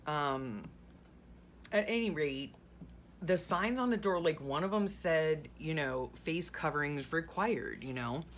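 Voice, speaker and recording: A woman's voice: low voice, expressive, slow pace, a little hiss or hum. A middle-aged woman chatting casually while gluing things into a journal, rambling through a story with sarcastic asides. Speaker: journaling vlogger. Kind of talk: casual chat while crafting.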